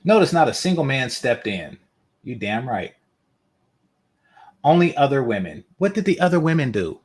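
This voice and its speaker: A man's voice: medium pitch, sing-song, normal speed, breathy edge. A man giving reaction commentary online, blunt and mocking, hammering his points home by repeating them. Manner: blunt, mocking, emphatic repetition.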